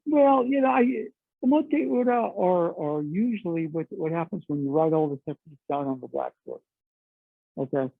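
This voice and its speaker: A man's voice: fairly high pitch, expressive, moderate pace, vocal fry, dry recording. A middle-aged man teaching a martial arts class, explaining chattily with lots of "okay" and "you know.". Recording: dry, tinny phone-like sound.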